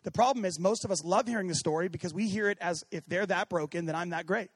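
A man preaching with a high, lively voice that climbs to shouts and drops to near whispers. He acts out quoted voices as he goes. The sound is dry and close. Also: fast, husky, no echo. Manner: animated, swings from shouting to hushed. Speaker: pastor. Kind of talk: sermon.

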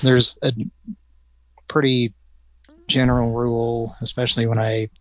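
Mellow mid-pitched guy hosting a live comedy show, deadpan and rambly, dry close mic. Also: unhurried, no echo, poor audio. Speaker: podcast host. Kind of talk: casual comedy chat.

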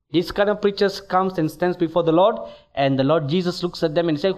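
A male preacher giving an emphatic, deliberate sermon in a church, building to exhortations. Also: high-pitched, lively intonation, a little mellow.

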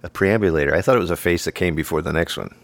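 A man's voice: low-pitched, very fast, gravelly. A man hosting a podcast, bantering and joking with his co-host. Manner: jokey and playful.

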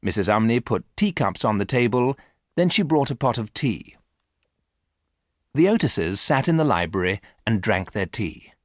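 Expressive low-voiced male storyteller. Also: no echo, studio quality. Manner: clear, deliberate, expressive. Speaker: narrator. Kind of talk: storybook reading for learners.

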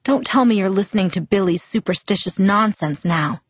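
A woman's voice: mid-range voice, moderate pace, no echo, close to an everyday voice. A woman reading the lines of a hurt, defiant teenage girl who presses for answers. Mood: upset.

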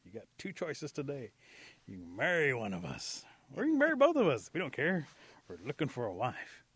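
A man voicing a mischievous old male rabbit, a trickster in a spoken folktale, talking in a loud, excited, eager way. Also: mid-range voice, moderate pace, breathy edge, dry recording, heavily acted.

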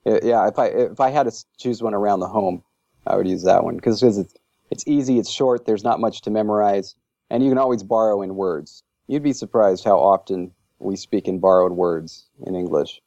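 Guy with a low gravelly voice, dark tone, gushing and rambly, dry muffled lo-fi sound. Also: moderate pace, no room sound. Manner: enthusiastic, rambling with many fillers. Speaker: interview guest, language creator. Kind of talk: casual interview chat.

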